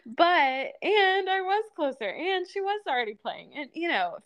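Woman, 30s, podcast co-host: animated storyteller, lively swooping pitch, quick to laugh. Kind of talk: casual chat.

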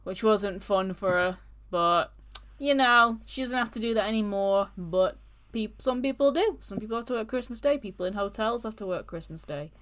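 A woman's voice: medium pitch, normal speed, a bit bright. A woman co-hosting a podcast, chatting casually and rambling from one point to the next. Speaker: podcast co-host. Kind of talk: casual chat.

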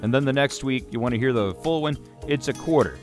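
A man's voice: medium pitch, fairly quick, soft background music. A man hosting a talk radio show, delivering a sarcastic, opinionated monologue with mocking put-on voices.

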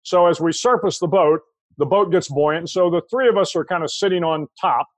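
An older American man, a guest in an interview, telling a long anecdote in a relaxed, conversational way with frequent restarts. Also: sits high, brisk, dry recording. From United States. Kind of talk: storytelling anecdote.

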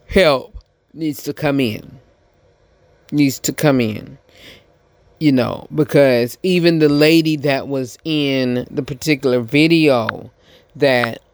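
A man hosting a podcast, giving a casual commentary monologue, halting and repeating himself with many fillers. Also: medium pitch, no room sound. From United States. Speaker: podcast host.

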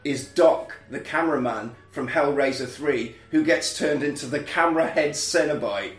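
A man, hosting a casual podcast and recapping a film with lively put-on voices for the characters. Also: fairly high pitch, moderate pace, reverberant, soft background music. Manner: animated, acts out film lines in put-on voices. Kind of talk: casual chat.

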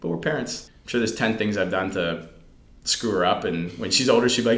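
This interview guest, a middle-aged man, talks at a quick pace in a lowish voice, with the room's echo audible. He tells family stories casually and animatedly, playing out the conversations as he goes.

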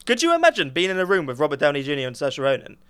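A man's voice: a little high, huge pitch swings, racing, a bit bright, clean tone. A young man co-hosting a podcast, joking and teasing in casual chat. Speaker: podcast co-host.

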